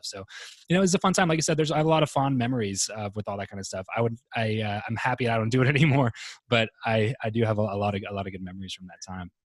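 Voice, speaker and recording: A man talking as a podcast guest in casual interview chat, relaxed and rambling, with many fillers and restarts. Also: lowish voice, breathy edge, no echo.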